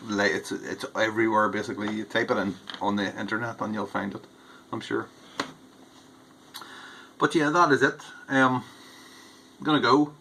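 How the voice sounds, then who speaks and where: Homebrew host, male, slightly low bright voice, casual rambling tasting chat that hedges as it goes. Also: a little hiss or hum. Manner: rambling, hedging, thinks aloud. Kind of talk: casual beer tasting review.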